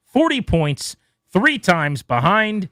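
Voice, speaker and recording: A man hosting a sports radio show, rattling off quick game recaps with playful asides. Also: high voice, very animated, bright, forceful tone, dry recording, studio quality. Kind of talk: brisk scores recap.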